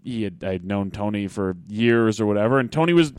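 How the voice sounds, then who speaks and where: A man's voice: on the low side, lively intonation, a little fast, a little mellow, clean tone, no echo, clean studio sound. Rambling man in casual chat. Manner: rambling, lots of fillers and restarts. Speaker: podcast host, wrestler.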